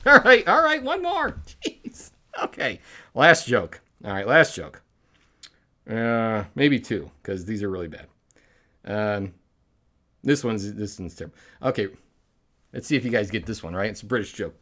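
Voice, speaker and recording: A man's voice: fairly low pitch, lively intonation, measured pace, long pauses, a bit bright. A man hosting a public access show, rambling through a sign-off and laughing at his own bad jokes. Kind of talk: rambling live sign-off chat.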